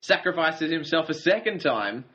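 A man's voice: a little high, sing-song, normal speed, fairly bright tone. A man co-hosting a casual podcast, recounting a show's plot in a dry, wry way. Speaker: podcast co-host. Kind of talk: casual recap chat. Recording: dull lo-fi audio.

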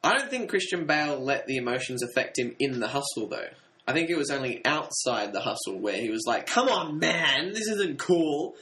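A man weighs up a film in a casual, thoughtful way, pausing on fillers as he searches for words. His voice is bright and forceful, at an ordinary pitch for a man. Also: expressive, poor audio. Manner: hesitant, thoughtful, frequent fillers. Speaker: podcast co-host. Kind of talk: casual film review chat.

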